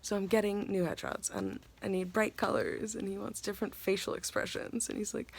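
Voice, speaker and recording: A young woman chats straight to her camera, rambling and self-mocking in a giddy, scattered way. Her voice sits mid-range with a gravelly fry at the edges. She sounds tired and hungry at the end of a long day. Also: mid-range voice, steady tone, fairly quick, few pauses. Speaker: actress vlogger. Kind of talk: casual vlog chat.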